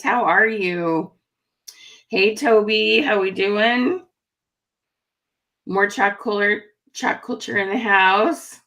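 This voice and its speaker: Bright-voiced woman hosting a livestream. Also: medium pitch. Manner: friendly, chatty, reacting warmly to viewer comments. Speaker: livestream host. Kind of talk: live stream greeting chat viewers.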